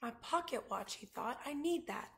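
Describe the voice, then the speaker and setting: A woman's voice: high voice, expressive, moderate pace. A woman reading aloud and voicing the dry inner thoughts of a vain male china rabbit. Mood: musing.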